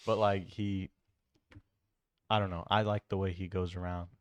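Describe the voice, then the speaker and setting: A man's voice: deep voice, level tone, slow pace. A man co-hosting a podcast, talking casually and rambling with lots of fillers. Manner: rambling, enthusiastic, many fillers. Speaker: podcast co-host. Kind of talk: casual chat.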